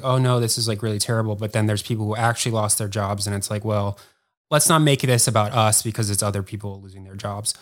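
A man speaking as a guest on a podcast, telling a long story in a rambling, casual way and filling it with "like". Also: lowish voice. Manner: rambling, heavy use of "like", quick bursts. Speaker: podcast guest, former editor.

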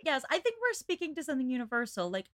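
A woman's voice: high voice, very animated, fast talker, a bit bright. A young woman co-hosting a casual book podcast who talks in a playful, emphatic way and agrees readily. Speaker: podcast co-host. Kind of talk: casual book-club chat.

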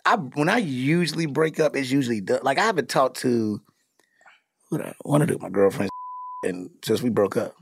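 A middle-aged man tells animated, profane stories in casual chat, laughing as he goes. His voice is gravelly and husky, and it swings widely in pitch. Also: moderate pace, no echo, studio quality. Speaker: podcast host.

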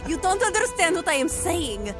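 A woman's voice: extremely high pitch, big pitch swings, moderate pace, over music, pitched above the performer's own voice. A woman voicing a brash female space crew member with broken English. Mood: breathless.

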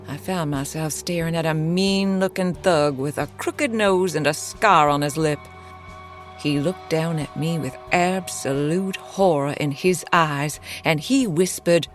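A woman narrating a horror story in a measured, dramatic storytelling voice. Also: on the low side, fairly bright tone. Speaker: guest narrator.

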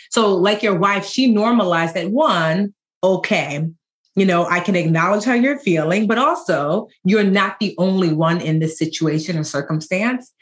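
A woman in her forties, a financial educator and podcast guest, telling stories in a lively, joking way. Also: on the low side. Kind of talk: conversational podcast interview.

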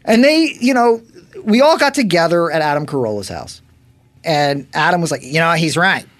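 A man guesting on a comedy podcast, rambling through improvised bits in an animated way. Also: on the high side, moderate pace, no echo. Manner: animated, rambling, breaks into goofy impressions.

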